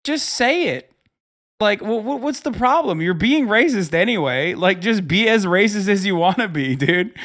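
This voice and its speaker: Streamer in his thirties, reacting with profanity and exasperation; higher-pitched voice. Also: lively intonation, moderate pace, a bit bright. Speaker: livestream host. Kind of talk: reaction commentary.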